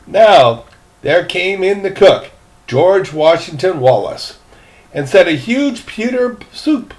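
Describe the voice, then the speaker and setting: A man's voice: high voice, a little mellow. An older man reading a novel aloud, folksy, stopping for chatty asides to the listener. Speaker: reader, storyteller.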